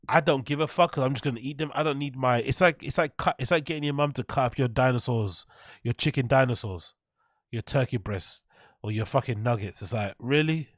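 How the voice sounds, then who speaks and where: A man's voice: mid-range voice, brisk, no room sound, studio quality. A man hosting a reaction show, ranting in mocking, incredulous, sweary bursts. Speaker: host. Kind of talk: reaction commentary.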